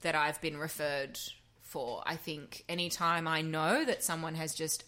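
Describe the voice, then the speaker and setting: A woman in her thirties tells audition stories in a casual podcast chat. Her voice sits a little low but is bright and forceful. She swears freely and throws herself into acting out what other people said. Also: a little slow. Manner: animated storytelling, swears freely, acts out quotes. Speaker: actor and audiobook narrator, guest.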